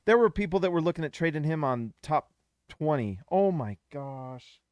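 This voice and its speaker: A man's voice: fairly high pitch, expressive, moderate pace, darkish tone, smooth, no room sound. A man hosting a casual live reaction stream, talking to his viewers in an effusive way and repeating himself often.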